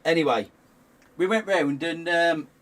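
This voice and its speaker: Guy, pretty high pitched, chatty story on stream, lots of laughing and restarts. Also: measured pace, distant mic. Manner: animated, laughs often, rambling restarts. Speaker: guest on a game stream. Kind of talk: casual storytelling.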